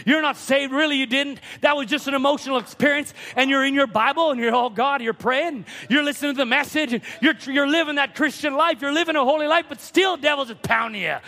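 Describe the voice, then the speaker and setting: A man preaching a sermon from the pulpit, building to impassioned shouts. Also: extremely high pitch, fast talker, hardly any pauses. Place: church sanctuary. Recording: church hall reverb.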